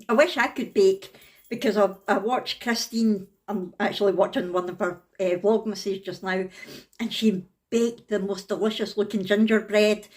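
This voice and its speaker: Older Glaswegian woman, slow and roomy. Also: medium pitch, darkish tone. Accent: Scottish, Glaswegian. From Scotland. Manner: chatty, homely, unhurried, drops into Scots words. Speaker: vlogger and storyteller. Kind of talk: casual home vlog and reading a story aloud. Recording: roomy, distant from the mic.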